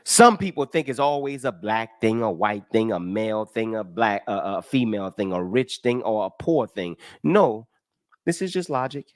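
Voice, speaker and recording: A man's voice: lowish voice, moderate pace, no echo. A man teaches taxes in a casual, emphatic way, counting out form lines and stopping to ask his listeners rhetorical questions. His voice rises and falls a lot as he drives each point home. The sound is close and dry, with no room around it. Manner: emphatic and animated, with rhetorical questions and folksy talk; walks through a form line by line, counting aloud. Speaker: tax educator. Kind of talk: casual explanatory lesson. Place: live stream with comments.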